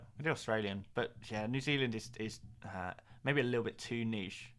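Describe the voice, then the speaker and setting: A fantasy football streamer with a lowish, brisk, slightly bright voice reads out viewer comments live. He chats back casually and jokily, with frequent fillers and laughs.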